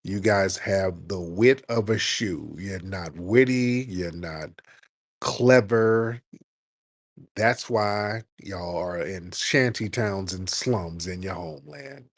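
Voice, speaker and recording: A man hosting a live call-in stream, arguing back at callers with rapid-fire mocking insults. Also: low-pitched, dry recording, studio quality. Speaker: host.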